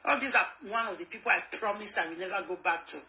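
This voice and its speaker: Bright, sharp-tongued woman. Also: medium pitch, quick pace. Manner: cutting, quarrelsome.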